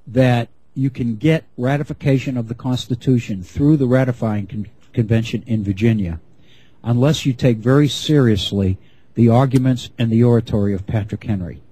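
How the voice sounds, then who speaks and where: A middle-aged man giving an unscripted history lecture, measured and often restarting his phrases. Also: medium pitch, warm tone, husky, poor audio.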